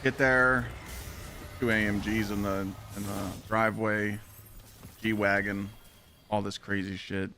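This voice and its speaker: A man streaming a game who tells a long anecdote in a casual, profane, animated way and acts out the lines of the people in it. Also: fairly low pitch, slow, long pauses, faint music behind. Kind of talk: casual storytelling while gaming.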